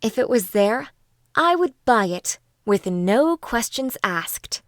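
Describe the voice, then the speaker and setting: A woman narrating a first-person audiobook in a calm, even storytelling manner. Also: fairly high pitch, slow, no echo, studio quality.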